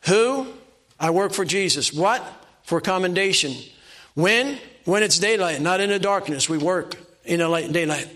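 Older male preacher, high-voiced, homespun and self-mocking, hammers one point again and again. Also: normal speed, a bit bright. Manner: folksy, self-deprecating preaching with repeated exhortations. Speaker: pastor. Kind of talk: sermon.

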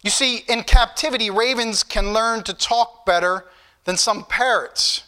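A man's voice: sits high, a little slow, bright, forceful tone. A man preaching a sermon, reading scripture aloud in King James wording and speaking directly to the congregation. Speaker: pastor.

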